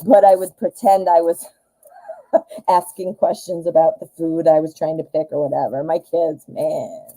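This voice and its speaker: A woman's voice: deep voice, fairly even intonation, normal speed, dark tone, rough recording. A woman in her forties with a Midwestern American accent, chatting in a rambling, self-deprecating way while doing a live tarot reading. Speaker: tarot reader.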